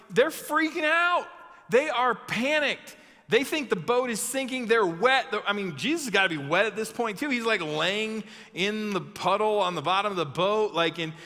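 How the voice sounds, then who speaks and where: A young man preaching a youth sermon, reading a Bible story and acting it out with animated voices. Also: sits high, normal speed, in a large hall. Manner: animated, acts out the story with shouted quotes. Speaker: youth pastor.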